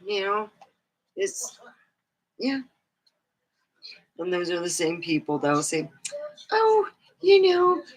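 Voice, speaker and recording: A woman's voice: low voice, pushed and bright, low-quality recording. A woman vlogger rambling in casual live-stream chat, with many fillers and asides.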